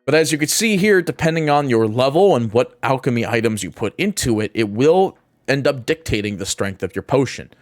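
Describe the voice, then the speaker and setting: A man's voice: medium pitch, expressive, fairly quick, no room sound, clean studio sound. Man explaining a game crafting guide. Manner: explanatory, casual, with fillers and self-corrections. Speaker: gaming guide creator. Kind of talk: game tutorial voice-over.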